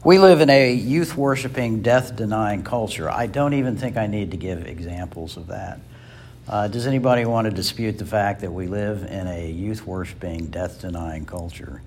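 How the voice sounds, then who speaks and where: A man with a lowish voice leads a church Bible class. He reads scripture aloud before moving into a relaxed, conversational lecture full of small fillers and quick self-corrections, with the odd dry aside. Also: a little hiss or hum.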